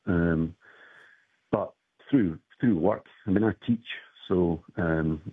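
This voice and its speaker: A man calling in to a radio show, a teacher who speaks in a hesitant, measured way. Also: low voice, breathy edge, no echo. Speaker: caller, a teacher. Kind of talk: casual radio call-in chat. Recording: phone line.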